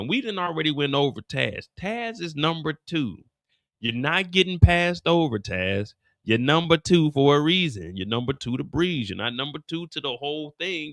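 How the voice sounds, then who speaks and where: Animated man recapping an episode. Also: a little high, no echo, clean studio sound. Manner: animated, profane, laughing aside. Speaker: host.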